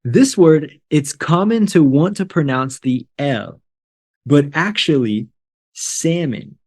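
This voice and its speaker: Encouraging American host. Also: male voice, on the high side, lively intonation, slow pace, a little mellow. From United States. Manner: friendly and encouraging, models pronunciation. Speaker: interview host, English teacher. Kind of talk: casual interview.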